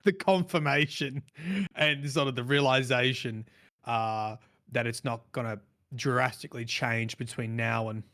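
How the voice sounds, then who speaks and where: A man's voice: mid-range voice, steady tone, measured pace, sharp tone. Reflective man chatting on a podcast. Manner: reflective, rambling with restarts. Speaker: podcast co-host. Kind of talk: casual podcast chat.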